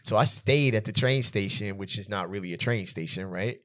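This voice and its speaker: A man in his thirties, co-hosting a casual podcast, tells funny travel stories, laughing often and animated throughout. His voice sits on the low side and he speaks briskly.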